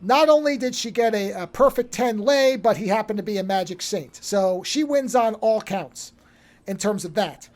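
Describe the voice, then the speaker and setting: A man co-hosting a podcast, recapping a horror film in an animated, rambling way with many restarts. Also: high-pitched, normal speed. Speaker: podcast co-host. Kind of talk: casual film-discussion chat.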